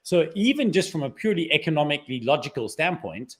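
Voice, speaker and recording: A man's voice: a little high, sing-song, fast talker. A man being interviewed as an author on a radio show, talking in an opinionated, argumentative way. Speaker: author, guest. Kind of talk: casual interview chat.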